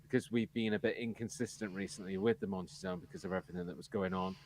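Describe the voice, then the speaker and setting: A man's voice: on the low side, very animated, fast talker, creaky, a little mellow, a little hiss or hum. An English man co-hosting a casual live podcast, frank and opinionated, talking through long anecdotes. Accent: English, with some American habits. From England. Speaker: podcast co-host.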